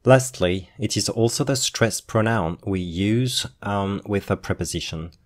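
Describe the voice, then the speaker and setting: Slow, low-voiced teacher explaining grammar. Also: male voice. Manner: reads French lines then translates and explains them. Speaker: French teacher. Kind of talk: slow explanatory language lesson.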